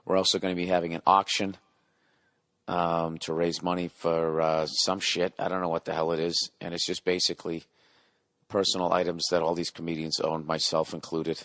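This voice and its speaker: A man's voice: low voice, level tone, normal speed, a bit bright, no echo, studio quality. A middle-aged man hosting a solo podcast, rambling in a profane, sarcastic rant. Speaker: podcast host.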